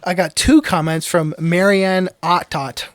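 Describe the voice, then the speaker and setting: A man's voice: high-pitched, fairly even intonation, measured pace, no echo. A young man co-hosting a casual podcast, reading listener comments aloud in a dry manner.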